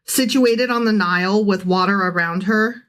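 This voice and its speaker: A woman's voice: mid-range voice, normal speed, a bit bright. Sex: woman. Role: podcast co-host. Style: casual scripture reading with commentary. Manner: sarcastic, irreverent, chatty.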